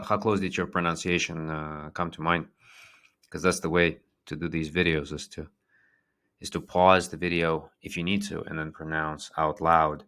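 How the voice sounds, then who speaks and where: A man's voice: low voice, creaky, pushed and bright. A man giving a language lesson, patiently drilling words and repeating them, with fillers and restarts as he explains. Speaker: language teacher.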